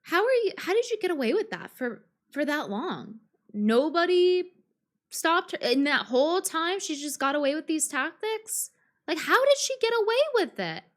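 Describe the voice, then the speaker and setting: A woman streamer speaks in a fairly high voice, ranting on a live stream. She is combative and profane, piles on fillers and restarts, and keeps circling back to her point. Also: sing-song, normal speed, fairly bright tone. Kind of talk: live-stream reaction rant.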